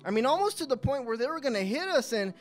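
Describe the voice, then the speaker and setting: A young man giving a live spoken testimony at a coffee house, telling his story with strong emotion, his voice climbing in tense moments and sinking low in sad ones. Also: very animated, fast, soft background music.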